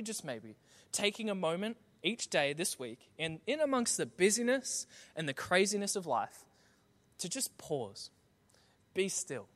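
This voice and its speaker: A man's voice: a little high, fairly bright tone. A man preaching a sermon, conversational and building to rhetorical refrains. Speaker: pastor.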